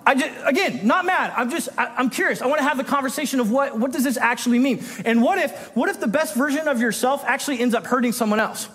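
Male pastor, conversational sermon delivery, high-pitched, long church reverb. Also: fast, hardly any pauses, fairly bright tone, slightly rough. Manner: conversational, self-interrupting, acts out quoted voices. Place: church sanctuary.

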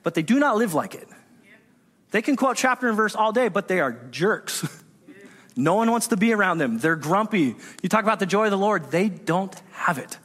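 A pastor with a notably high voice delivers a lively sermon, slipping into the voices of the people in his stories. The sound rings with the long reverb of a large hall. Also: normal speed. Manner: animated storytelling, acts out voices in his anecdotes.

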